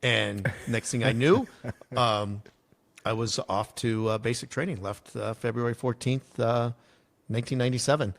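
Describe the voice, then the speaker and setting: A man in his forties who grew up in Arizona talks as a guest on a casual podcast. He rambles through his own story with frequent ums and uhs, and his voice sits at an ordinary middle pitch for a man. Now and then he jumps into the voices of the people he is describing. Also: normal speed, vocal fry. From United States (Arizona). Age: 40s. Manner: lively storyteller, acts out quoted people, many fillers.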